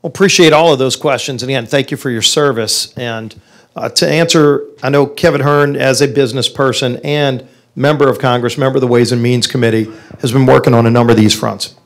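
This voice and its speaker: A man's voice: medium pitch, fairly even intonation, a little fast. A man hosting a town hall, thanking a questioner and handing the question on. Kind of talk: moderating.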